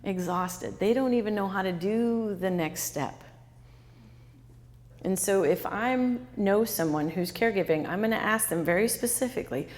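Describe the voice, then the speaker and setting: A woman's voice: medium pitch, moderate pace, a little mellow, big-room sound. A woman author giving an interactive talk to a live audience, quizzing the listeners and repeating their answers back. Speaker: author and speaker.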